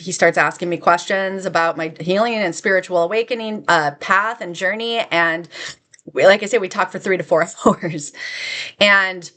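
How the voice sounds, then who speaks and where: A woman spiritual vlogger telling a personal story to camera in an earnest, heartfelt way. She drifts and restarts, laughs softly, and draws out key words. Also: mid-range voice. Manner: rambling, with restarts and soft laughs.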